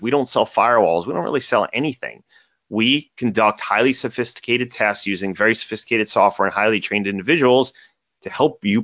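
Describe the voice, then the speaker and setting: Answering podcast interview questions, a cybersecurity company guest tells animated stories and caps his points with "right?". His fairly low, sharp voice comes through on dry, dull lo-fi audio.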